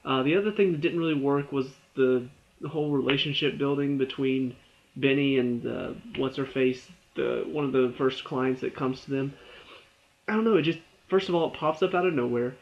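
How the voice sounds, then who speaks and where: A man's voice: mid-range voice, normal speed, slight background noise. A young man giving a casual spoken review of a TV episode, chatty and often exasperated. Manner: chatty, exasperated, rising to animated complaint. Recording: dull lo-fi recording.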